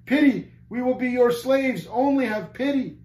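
A man doing a high panicked giant captain. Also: normal speed, darkish tone, reverberant, low-quality recording. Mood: pleading. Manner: barking orders, pleading. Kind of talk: storybook reading aloud.

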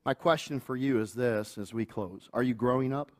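A middle-aged man, the pastor, preaching a sermon earnestly, with playful asides and chuckles and acting out family members in a higher voice. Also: normal speed. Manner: acts out quoted family voices in higher pitch.

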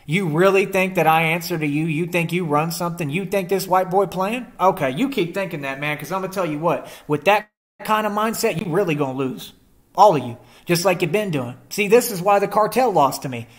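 A man's voice: high voice, brisk. A young man in a confrontational rant to the camera, defiant and combative, using slangy street talk and rhetorical questions. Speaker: vlogger.

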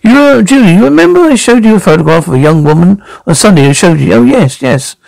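A man's voice: sits high, very animated, fast, creaky, a little mellow, dry recording, voice pushed up, full character voice, low-quality recording. A man voicing a blunt, commanding middle-aged female police detective in an amateur radio drama reading. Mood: coaxing.

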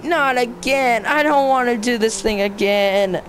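Speaking at a measured pace with barely any pauses, a very high-pitched young gamer chats through his racing game. He addresses the game and himself, throws around "dude" and "bro," and keeps erupting into frustrated yells. There's slight background noise.

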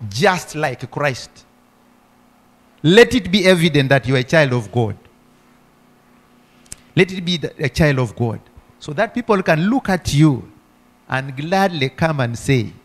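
A man's voice: medium pitch, lively intonation, a little slow, long pauses, fairly bright tone. A middle-aged male pastor preaching a sermon. He asks the congregation rhetorical questions and punctuates his points with repeated hallelujahs.

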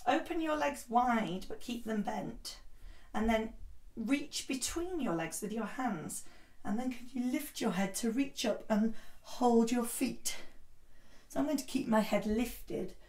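A woman teaching a children's yoga class in a gentle, encouraging way. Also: on the high side. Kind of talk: guided kids' yoga class. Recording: echoey room, voice from a distance.

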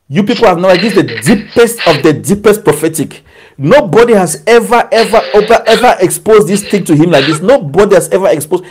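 A man's voice: sits high, animated, fairly quick, breathy edge. A man preaching as a prophet, declaring prophecy to a caller with emphatic repetition and bursts of tongues.

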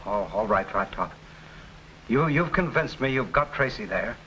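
Jittery crook boss, bright edgy voice, lively pitch, 1940s radio acting, dull old recording. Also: male voice, normal speed, slight background noise. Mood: tense. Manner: blustering then pleading. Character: nervous crooked syndicate boss, grown man.

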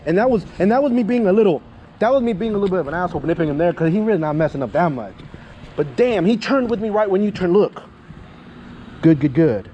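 A man's voice: sits high, animated, fast talker, dark tone, lo-fi sound, a little hiss or hum. A man working as a dog trainer, explaining a session to an owner outdoors near parked cars. He talks a lot, keeps checking in with "yeah?" and "okay?", and swears casually. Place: outdoors by a parking area with cars.

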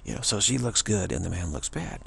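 A man speaking in a rambling monologue with a gravelly, raspy voice, stumbling through restarts and acting out quoted voices. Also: sits low, big pitch swings, brisk, fairly bright tone, a little hiss or hum. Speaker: spiritual speaker.

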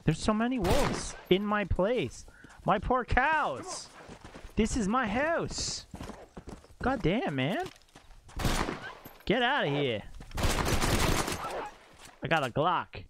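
Young male game streamer, slow-paced and lively, quick to swear and react to chat. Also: high-pitched, noisy background. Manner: exclamatory, swears often, talks to chat. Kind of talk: live gameplay commentary.

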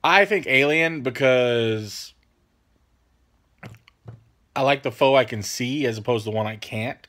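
A relaxed man with a drawl hosts a casual question-and-answer vlog. He rambles and trails off, keeps saying "man," and apologizes a lot. His voice sits in an ordinary middle register. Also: mid-range voice, slow pace. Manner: laid-back, rambling, apologetic, peppers talk with "man". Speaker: channel host answering viewer questions.

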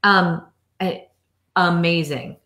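A woman, a mother and author, telling a story from home in an animated, chatty way during an interview. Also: fairly low pitch, takes it slowly, reverberant. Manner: animated storyteller, acting out quotes.

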